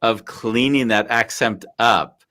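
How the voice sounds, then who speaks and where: A man's voice: medium pitch, slow, bright, forceful tone. A man, hosting a casual live podcast interview and asking long, reflective questions. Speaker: podcast host.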